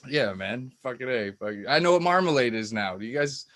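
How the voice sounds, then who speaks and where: A man's voice: medium pitch, expressive, fairly quick, heavy background noise. A man doing a crude, swearing stand-up set, laughing at his own jokes, on a cheap lip mic. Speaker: stand-up comedian.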